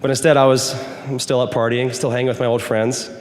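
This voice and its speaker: In a church hall with reverb, a young man speaks fast at a medium pitch in a level tone. He's a guest speaker giving an earnest, emphatic testimony sermon to a youth group.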